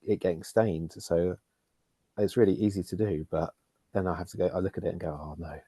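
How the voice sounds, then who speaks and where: A man's voice: low-pitched, fairly even intonation, brisk, mellow, no echo. A man taking part in an online workshop on a video call, hesitant and chatty, laughing at himself as he thinks aloud. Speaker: workshop participant. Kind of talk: casual chat.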